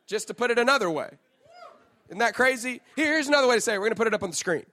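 A pastor in his thirties delivers a sermon with a bright, high-pitched voice. He is playful and teasing, talking straight to the crowd and joking with them. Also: animated, very fast.

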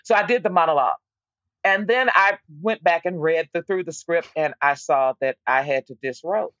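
A woman stage actor telling a story in an interview, lively, with frequent restarts and repeated words. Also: low-pitched, normal speed, dry recording. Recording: dull, lo-fi dry recording.

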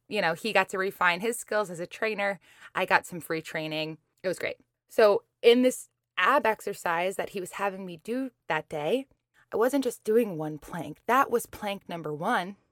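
A woman's voice: medium pitch, dry recording, studio quality. A woman hosting a motivational talk show, telling a personal story in a chatty way, laughing often and acting out her own complaints. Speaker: podcast host.

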